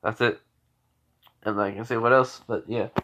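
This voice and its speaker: A man's voice: lowish voice, fairly even intonation, moderate pace, background noise. A man casually retelling a fan story, rambling with fillers and restarts.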